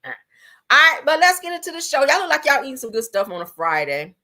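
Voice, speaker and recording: A woman's voice: high-pitched, sing-song, fast talker, bright, forceful tone. A middle-aged woman with hosting a live stream, chatting casually and saltily with her viewers and laughing often. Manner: chatty, salty, laughs often, talks to chat. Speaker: livestream host.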